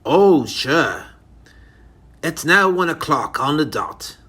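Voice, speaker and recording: Man doing a jolly old gent, polite, leisurely, dry voice, slightly high pitch. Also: very animated, slow pace, sharp tone, husky, exaggerated voice. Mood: amused. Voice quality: dry, sawdusty voice. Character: jolly, grinning old gentleman, leisurely and odd.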